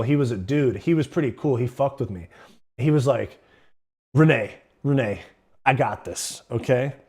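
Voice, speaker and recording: A man's voice: medium pitch, darkish tone. Profane young man telling stories. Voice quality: profane, slangy, rambling. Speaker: livestream host. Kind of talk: casual storytelling.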